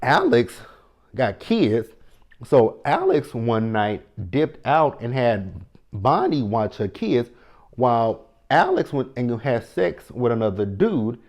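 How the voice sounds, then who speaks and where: A man's voice: medium pitch, sing-song, slow, a little mellow. A man, recapping a reality show in a chatty, sassy way with mock-quoted reactions. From Texas. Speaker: TV recap host. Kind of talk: casual recap commentary.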